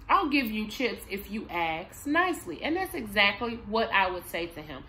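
A parenting coach and behavior analyst explains parenting techniques in an instructional vlog, speaking emphatically and addressing moms directly. Her mid-range voice is sing-song, bright, and forceful, at a moderate pace with hardly any pauses.

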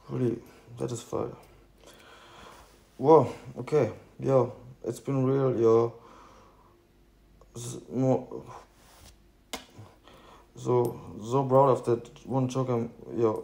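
A man's voice: medium pitch, gravelly, dark tone. A young man rambling casually in a profane, slangy way as a vlogger. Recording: echoey room with faint noise.

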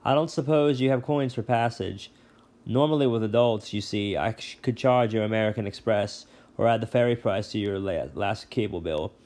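A man voicing a smooth, menacing male ferryman of the dead with a put-on British accent, mockingly polite and sly. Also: on the low side, normal speed, darkish tone, natural voice. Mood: silky menace.

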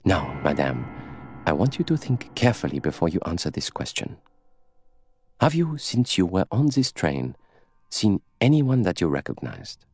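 A man's voice: deep voice, big pitch swings, moderate pace, darkish tone, husky, exaggerated voice. A man voicing a grave, dry older detective who questions carefully. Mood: probing.

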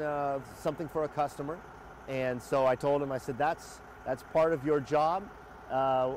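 An upbeat man hosts a casual live walkthrough outdoors, talking in a slightly raised pitch with lots of easy fillers. Faint traffic hums in the background of this outdoor recording. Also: darkish tone. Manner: upbeat, chatty, many uh fillers. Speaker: host of a sales livestream. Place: outdoors by a motorhome near a highway.

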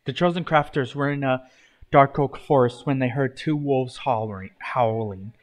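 A man reads his own adventure story aloud in a plain, brisk manner. His voice sits at an ordinary middle pitch. He narrates without putting on airs. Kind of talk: reading a fan story aloud.

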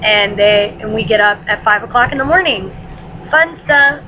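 Speaking in a mid-range voice at a moderate pace, a mother and vlogger chats casually during a home vlog. It was recorded at night on her laptop webcam, and she slips into baby talk with her dog. There's slight background noise, and the dull, lo-fi audio carries music behind her.

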